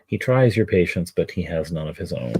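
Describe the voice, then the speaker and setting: A man's voice: sits low, animated, fairly quick, a little mellow, husky, no room sound. A middle-aged man streaming his miniature painting, chatting in a rambling way with his viewers and his dog. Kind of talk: casual live-stream chat.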